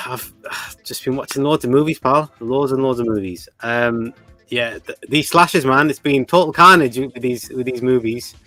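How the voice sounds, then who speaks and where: A man's voice: medium pitch, normal speed, pushed and bright, dry recording, faint music behind. A man, co-hosting a casual chat, effusive and thankful, calling his friend man and mate. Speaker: podcast co-host.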